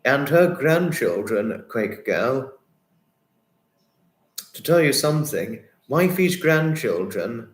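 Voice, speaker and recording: A man hosting a livestream, chatting warmly with viewers and reading their comments, effusive and sympathetic, often repeating himself. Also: mid-range voice, big pitch swings, takes it slowly, long pauses. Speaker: livestream host. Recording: roomy echo.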